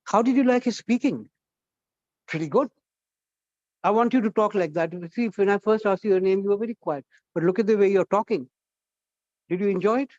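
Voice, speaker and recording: A high-voiced man runs a lively college workshop, pushing shy students to speak up. The sound is dry and a little muffled. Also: a little fast, pauses often, dry recording. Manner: coaxing, asks the class questions. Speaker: guest trainer at a college workshop. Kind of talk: interactive classroom talk.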